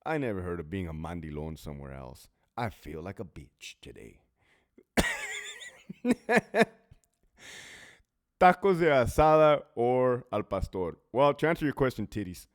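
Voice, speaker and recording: A middle-aged man chats casually and bluntly, swearing freely and laughing at himself. His voice sits low but swings widely in pitch, animated as he tells stories from his prison job. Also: moderate pace, few pauses. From California. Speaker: former prison officer answering viewer questions. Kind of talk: casual Q&A chat.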